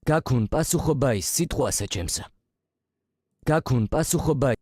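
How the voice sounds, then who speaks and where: A man's voice: medium pitch, expressive, normal speed, darkish tone, dry recording, close to an everyday voice. A man voicing a solemn game king, dry. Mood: formal. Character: Georgian king unit-select voice, a solemn male ruler. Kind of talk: video game unit voice line.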